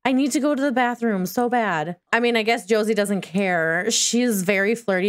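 A woman's voice: a little high, moderate pace, few pauses. A woman giving chatty, playful commentary while playing a life-simulation game, talking back to the characters on screen. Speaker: gaming video host. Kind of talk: casual gameplay commentary.

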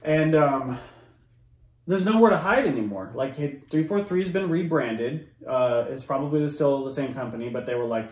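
A man's voice: on the high side, lively intonation, normal speed, darkish tone, echoey room. A man doing heated reaction commentary, swearing a lot and stumbling over fillers and restarts. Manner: profane, heated, lots of likes and restarts.

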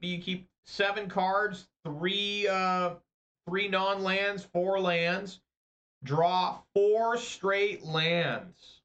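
A streamer and channel host, an adult man with a wife and kids, vents to his viewers in a casual rant. His high, bright voice carries a forceful tone as he swears freely, exasperated and running himself down.

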